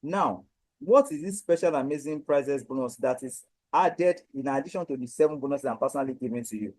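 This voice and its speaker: A man with a Nigerian accent giving a repetitive, emphatic sales pitch for his coaching program. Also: brisk, a little mellow, no echo, poor audio. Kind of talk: direct-to-camera sales pitch.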